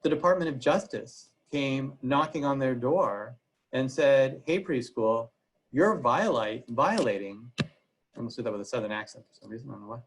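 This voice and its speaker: A man's voice: medium pitch, a little fast, vocal fry, low-quality recording. A man giving a legal presentation on a video call, speaking conversationally with frequent "uh" fillers. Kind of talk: webinar presentation.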